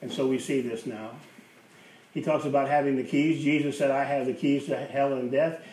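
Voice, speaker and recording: A man's voice: mid-range voice, steady tone, normal speed, a little mellow. Emphatic male pastor, roomy and distant. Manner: emphatic, repeats key phrases for effect. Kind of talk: sermon. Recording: roomy, distant mic with faint hiss.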